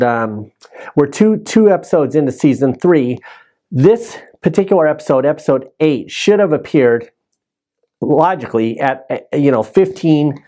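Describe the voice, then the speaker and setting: Podcast host guy talking through his season recap, kinda rambly, fixes himself mid sentence, warm low-key tone. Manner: rambling, self-correcting with restarts. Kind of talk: casual solo recap.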